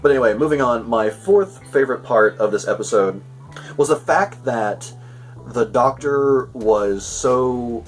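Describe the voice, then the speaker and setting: Rambling male reviewer, a bit off-mic. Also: medium pitch. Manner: rambling and chatty, often restarting sentences. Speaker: show host reviewing an episode. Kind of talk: casual spoken episode review. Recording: voice a bit far from the mic, faint music.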